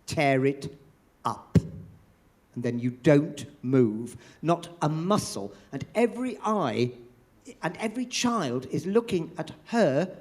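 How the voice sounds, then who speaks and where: Animated older Englishman telling theatre stories. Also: a little high, unhurried. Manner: animated storyteller, acts out quoted voices. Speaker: pantomime dame performer, interviewee. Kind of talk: anecdotal theatre interview. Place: theatre after a show.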